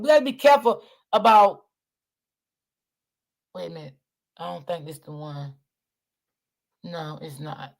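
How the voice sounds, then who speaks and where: Give me a woman hosting a casual talk to viewers, chatty and repetitive. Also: fairly high pitch. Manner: chatty, repeats herself, addresses viewers as y'all. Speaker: online channel host.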